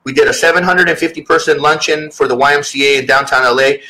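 A man's voice: fairly high pitch, fairly even intonation, fast, sharp tone, rough recording. A man talking as a guest author in a casual interview, earnest and rambling, with many restarts.

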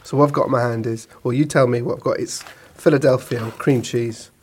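A man's voice: medium pitch, steady tone, brisk, darkish tone, husky. A man on a podcast, telling rambling stories in casual chat and often laughing. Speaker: podcast co-host.

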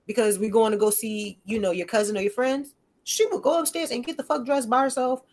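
A woman chatting casually about her kids. She tells it with lively energy, slangy and profane, and jumps between voices to act out both sides of a back-and-forth. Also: on the high side, fairly quick. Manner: animated storytelling, acting out dialogue in shifting voices. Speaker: mother telling stories about her kids. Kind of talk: casual podcast chat.

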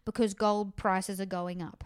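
Chatty woman, smooth voice. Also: mid-range voice, flat delivery, measured pace. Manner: chatty, acts out quotes in funny voices. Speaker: podcast co-host. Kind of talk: casual chat recapping a TV show.

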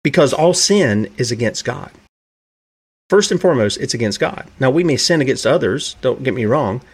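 A man's voice: mid-range voice, animated, moderate pace, slightly rough. A man preaching a sermon who asks his listeners rhetorical questions and acts out the characters in the stories he tells.

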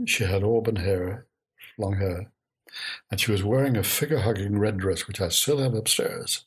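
A man's voice: lowish voice, normal speed, slightly rough. An older man tells wry anecdotes from his past to an interviewer. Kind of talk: oral history recollection.

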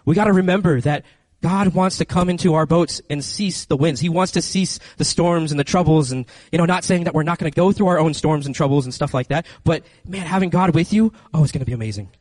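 A man preaching a lively, conversational sermon into a handheld microphone, speaking directly to his listeners. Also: fairly high pitch, fast, no room sound, poor audio. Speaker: youth preacher. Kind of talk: lively sermon with acted-out scenes.

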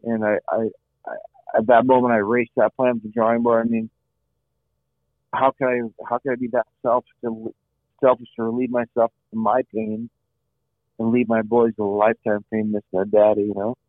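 A man's voice: mid-range voice, flat delivery, moderate pace, no room sound. A middle-aged man, an interview guest, telling his own story in an earnest way, repeating phrases and often saying "you know". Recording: dry, phone-like line.

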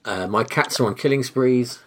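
A man hosting a podcast in casual chat, jokey and quick to laugh. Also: mid-range voice. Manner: lively, jokey, laughs easily. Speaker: podcast host.

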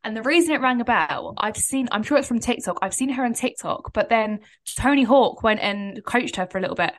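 A woman's voice: a little high, animated, a little fast. A woman, co-hosting a podcast in a rambling, chatty way and laughing often. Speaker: podcast co-host. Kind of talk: casual chat.

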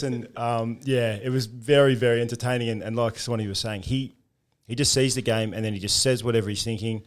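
A man's voice: mid-range voice, fairly even intonation, fast talker, few pauses. A man with an Australian accent in casual chat, easygoing and chuckling as he recalls his playing career. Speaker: former professional footballer.

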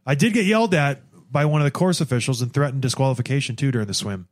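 A young man chatting casually as a guest, telling animated stories and acting out what people said. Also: mid-range voice, fast talker. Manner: animated storyteller, acts out quotes. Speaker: podcast guest. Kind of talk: casual chat.

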